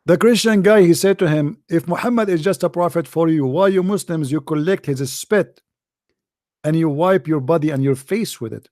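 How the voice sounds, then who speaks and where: A man who debates religion online speaks at normal speed in a voice on the high side, slightly mellow. His commentary is scornful and emphatic, with non-native English phrasing, repeated phrases and frequent laughter. The sound is clean studio audio without room sound.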